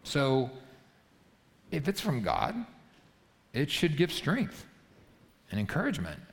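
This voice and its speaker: A man's voice: medium pitch, wildly swooping pitch, slow pace, gravelly, long reverb tail. A man preaching a sermon as pastor, emphatic and often checking in with "right?". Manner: emphatic, punctuates points with rhetorical "right?". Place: church auditorium.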